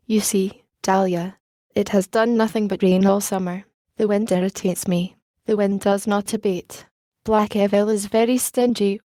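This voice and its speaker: A woman's voice: mid-range voice, warm tone, no echo, clean studio sound, natural voice. Woman reading as a fretful complaining young woman. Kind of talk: audiobook reading.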